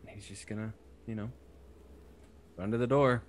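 A man's voice: fairly low pitch, steady tone, normal speed, slight background noise. A man playing a tabletop game, animatedly narrating what his character does. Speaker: player.

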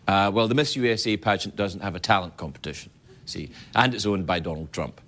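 In a TV studio with a live audience, a man hosting a late-night show rattles off a comedic monologue in a fairly quick, low voice, mocking himself along the way. The crowd's laughter and noise are loud.

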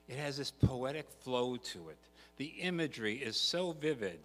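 A man's voice: mid-range voice, a bit bright. An older man, a pastor, preaching a sermon in a church, earnest and rising to emphatic repetition. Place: church sanctuary. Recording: long church reverb, faint hum.

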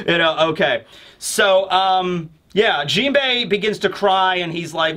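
A man's voice: sits high, unhurried, bright, forceful tone. A man hosting a manga review who talks in an emphatic, insistent, joking way. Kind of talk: casual commentary video.

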